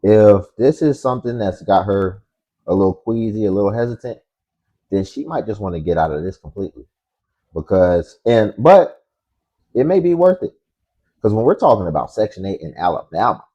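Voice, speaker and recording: A man's voice: lowish voice, sing-song, normal speed, long pauses, mellow, husky, muffled recording. A man reacting to clips with blunt, matter-of-fact commentary as host.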